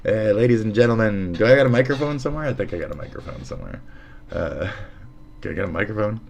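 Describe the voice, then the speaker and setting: A man's voice: fairly low pitch, animated, fast talker, gravelly, darkish tone, slight background noise. A man live streaming as he shows off an editing program, rambling and swearing in a sarcastic, mocking way, often trailing off into mutters. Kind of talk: casual profane streaming chat.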